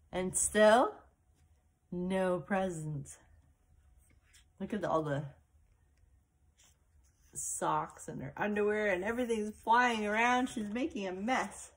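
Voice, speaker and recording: Slow, breathy woman reading a storybook aloud. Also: medium pitch. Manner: slow, expressive, with asides to a child. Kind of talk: picture-book read-aloud.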